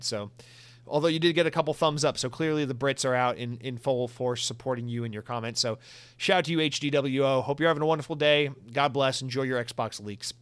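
A man's voice: medium pitch, moderate pace, no room sound. A man hosting a solo gaming news podcast, chatty and joking, slightly out of breath. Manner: chatty, joking, animated asides. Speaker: podcast host.

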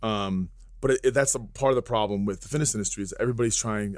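Fast-talking, profane male podcast storyteller. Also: fairly low pitch, no room sound, studio quality. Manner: animated, profane, breaks into laughs. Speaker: podcast co-host. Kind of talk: casual storytelling.

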